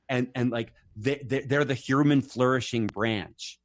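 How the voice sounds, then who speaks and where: A man in a casual conversation who tells stories with energy and acts out each quoted voice. His pitch sits in a middle range. The recording is dry and close, with almost no room sound. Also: unhurried, few pauses, dry recording. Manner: frequent restarts and fillers.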